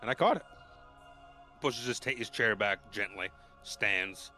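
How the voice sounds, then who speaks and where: A young man running a tabletop game, narrating in an animated way and laughing often. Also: lowish voice, unhurried, soft background music. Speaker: game master.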